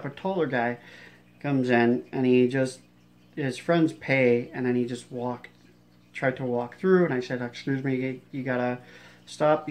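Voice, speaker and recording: A man casually telling a story from his bouncer days, rambling with many fillers and restarts. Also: mid-range voice.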